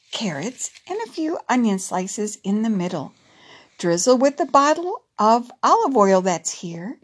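A woman playing a kind, organized grandmother from a storybook, walking the children through the task step by step. Her voice sits a little high and moves with lively inflection, unhurried. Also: breathy edge, full character voice.

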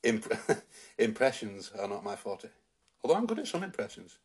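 A man's voice: mid-range voice, sing-song, moderate pace, a little mellow, husky. Rambling man in his forties. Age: 40s. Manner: rambling, with many fillers and restarts. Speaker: podcast co-host. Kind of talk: casual chat.

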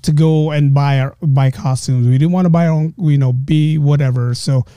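A man's voice: a little high, moderate pace, smooth, no echo. A man hosting a podcast, telling funny stories in casual chat and laughing often. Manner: laughing storyteller, animated asides. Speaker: podcast host.

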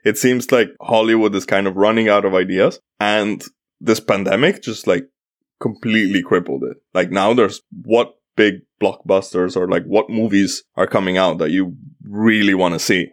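A man from Italy co-hosts a casual podcast, wandering from point to point and padding it with fillers. His voice sits fairly low, and the recording is dry and close with no room sound. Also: fairly even intonation, normal speed, no room sound. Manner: rambling, lots of fillers, easily sidetracked. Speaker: podcast co-host.

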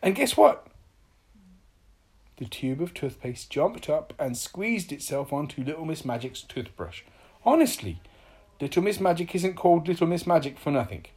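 A woman's voice: low-pitched, expressive, normal speed, darkish tone, slightly rough. A woman reading a children's story aloud in a playful, sing-song way.

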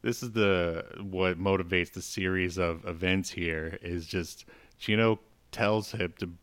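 A man's voice: low-pitched, steady tone, unhurried, fairly bright tone, clean tone. A man co-hosting a podcast, casually and wryly picking apart a movie, often laughing and reading from his notes. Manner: wry, laughs, reads lines from his notes. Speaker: podcast co-host reviewing a movie. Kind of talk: casual chat.

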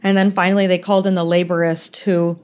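A woman's voice: fairly low pitch, flat delivery, fast, darkish tone, clear, resonant tone. A young woman telling a personal story as a podcast guest, candid and conversational, with many "like" fillers.

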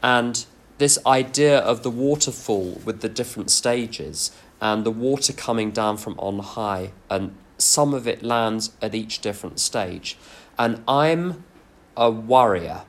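A man's voice: on the low side, lively intonation, measured pace. A man giving a recovery workshop talk, frank and self-deprecating, mixing personal anecdotes into his teaching. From England.

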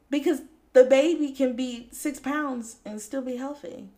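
A woman hosting a faith-based motivational podcast, talking straight to listeners in a lively, preachy way and laughing often. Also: high voice, measured pace, few pauses. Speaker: podcast host.

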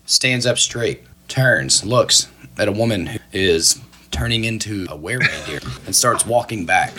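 A man narrating a comedic tabletop game as game master, playful and animated, often laughing as he tells it. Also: on the low side, a little slow, background noise.

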